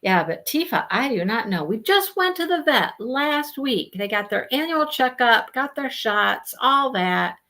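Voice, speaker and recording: A woman hosts a relaxed live stream, chatting and telling stories to her viewers. Her pitch sits a little high and swings widely as she talks. She greets people by name between stories. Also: unhurried, few pauses. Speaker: livestream host. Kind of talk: casual live chat.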